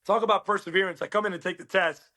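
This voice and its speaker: A middle-aged man from Uruguay, a podcast guest, telling his story in a casual, animated way and acting out quoted dialogue. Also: high voice, very fast.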